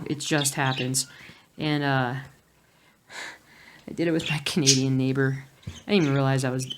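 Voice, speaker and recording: A woman chatting casually while cross-stitching at home at night, rambling and humming nonsense sounds to herself. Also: very deep voice. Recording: noisy home recording with birds.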